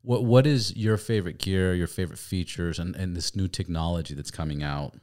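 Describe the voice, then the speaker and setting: Deep-voiced podcast host guy, swears a lot, tells stories all animated. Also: fairly quick. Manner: profane, storytelling, animated. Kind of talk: casual chat.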